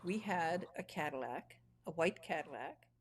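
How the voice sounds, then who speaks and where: A woman's voice: low-pitched, animated, normal speed, a crowd in the background. A woman hosting an interview, chatting casually and laughing through rambling anecdotes. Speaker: podcast host.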